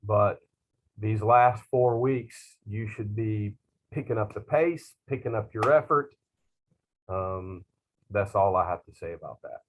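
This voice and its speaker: Slow-talking man teaching class. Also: on the low side, phone-quality sound. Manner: slow, rambling, self-teasing, many fillers. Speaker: culinary school instructor. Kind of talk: class talk to students.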